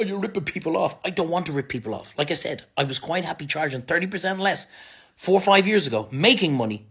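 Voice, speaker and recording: An Irish man rants bluntly to camera, his fairly high voice swinging widely as he swears. He has an angry, plain-spoken manner. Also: fairly bright tone. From Ireland. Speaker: restaurant business owner. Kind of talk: ranting vlog monologue to camera.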